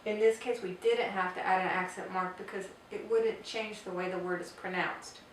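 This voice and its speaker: A woman teaching a grammar lesson, explaining step by step and repeating example phrases slowly. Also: mid-range voice, steady tone, slight background noise. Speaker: Spanish teacher. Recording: echoey room, voice from far off.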